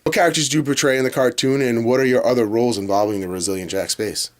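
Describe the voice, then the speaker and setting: A man who voices cartoon characters and co-creates the show, explaining his work in a relaxed way with some fillers. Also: mid-range voice, quick pace. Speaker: voice actor and co-creator. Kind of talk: behind-the-scenes narration.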